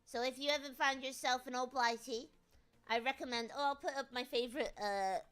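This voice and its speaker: A woman's voice: high-pitched, steady tone, a little fast, fairly bright tone, clean tone. A woman with a British accent chatting casually on a livestream, teasing her viewers with jokey banter and frequent restarts. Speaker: VTuber streamer.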